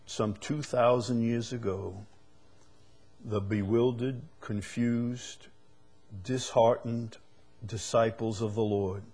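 A man preaching a sermon as a pastor, swelling to loud emphatic peaks and dropping to hushed lines. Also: mid-range voice.

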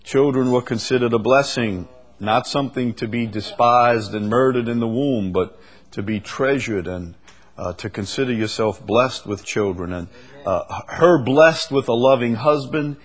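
Slow, husky-voiced male preacher. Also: mid-range voice. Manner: slow, drawn-out delivery with bursts of emphasis. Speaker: pastor. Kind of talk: sermon.

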